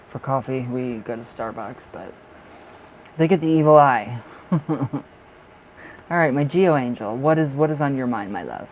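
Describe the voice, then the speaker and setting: A male tarot reader chatting live with his viewers in a gushing, affectionate way. His voice sits at an ordinary middle pitch, and his words tumble out with restarts and repeats. A faint hiss runs underneath. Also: poor audio. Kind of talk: casual livestream chat.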